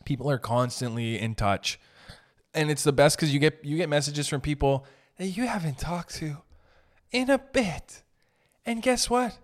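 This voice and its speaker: A young man doing a casual comedic monologue, rambling and joking with swerving pitch and pace. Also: animated, moderate pace. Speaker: comedian host.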